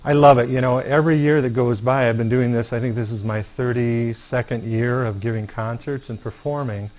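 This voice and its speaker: A man's voice: mid-range voice, steady tone, fairly quick. A middle-aged American man tells his story at a studio table in an easygoing, humorous way, his voice sitting in a middle register. The recording is lo-fi and dull, muffling his speech. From Michigan, USA. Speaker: guest singer. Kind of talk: studio interview.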